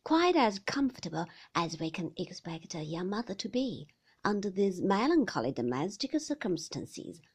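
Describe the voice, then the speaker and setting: A woman voicing a meek, mild-mannered male doctor who speaks in soft, soothing tones. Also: medium pitch, very animated, normal speed, slightly rough.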